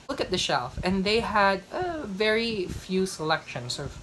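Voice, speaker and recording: A woman's voice: medium pitch, big pitch swings, measured pace, few pauses, a bit bright, a little hiss or hum, low-quality recording. A young woman from the Philippines, vlogging in a chatty, emphatic way and often repeating herself for effect. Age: young adult. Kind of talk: casual chat.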